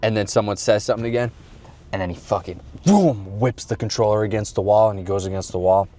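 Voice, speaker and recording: A man's voice: fairly low pitch, fast talker, mellow. A man chatting casually as a podcast host, telling a rambling, profane story and acting out quotes. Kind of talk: casual chat.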